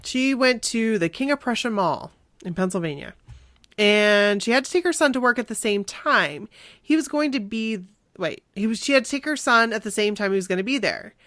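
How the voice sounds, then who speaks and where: A woman's voice: fairly high pitch, expressive, normal speed, fairly bright tone, no echo, studio quality. A woman hosting a casual fan podcast, chatting candidly and reading listener stories aloud. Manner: chatty, candid, laughs easily. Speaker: podcast host.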